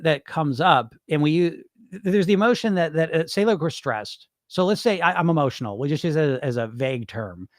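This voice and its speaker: A man's voice: fairly high pitch, dry recording, clean studio sound. A man hosting a weight loss podcast, answering viewer questions in loose, rambling chat with casual swearing. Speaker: weight loss hypnosis coach, podcast host.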